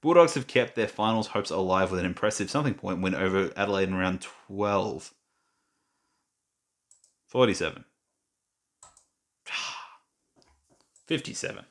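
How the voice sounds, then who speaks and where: Speaking in a low voice, a little slowly and with frequent pauses, a young Australian gaming vlogger chats casually. He reads quiz questions out loud in screen-recorded commentary, muttering and teasing himself.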